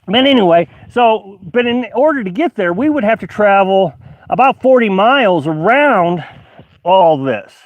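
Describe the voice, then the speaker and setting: A man's voice: high voice, animated, unhurried, no room sound, narrow, tinny audio. A man hosting a casual outdoor live stream, reading chat aloud and rambling with many fillers and restarts. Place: outdoors at a high-altitude campsite.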